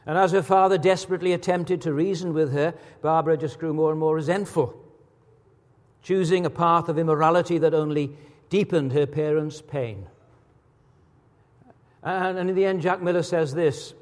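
Preacher in a reverberant hall. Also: male voice, fairly high pitch, moderate pace, darkish tone. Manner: rhetorical questions, rising to emphatic peaks. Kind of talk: sermon.

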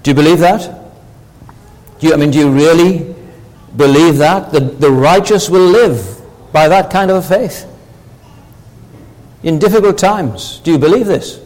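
Preaching man with a high, echoing voice. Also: unhurried, long pauses, a little mellow. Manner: earnest, builds to emphatic rhetorical questions. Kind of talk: sermon. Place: church.

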